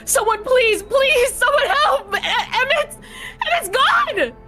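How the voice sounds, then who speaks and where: A woman's voice: very high voice, lively intonation, slow, bright, forceful tone, soft background music, voice pushed up, full character voice. A woman voicing a distraught mother crying and pleading for help as her son has vanished, in a tabletop game. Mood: panicked. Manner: shrieking, pleading, broken off. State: sobbing, panicked.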